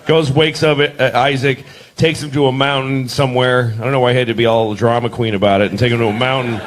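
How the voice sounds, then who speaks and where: A man's voice: mid-range voice, fast, some chatter behind. A male stand-up comedian performing a set, mock-outraged and acting out characters. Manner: animated, mock-outraged, acts out voices. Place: comedy stage. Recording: live club with audience laughter.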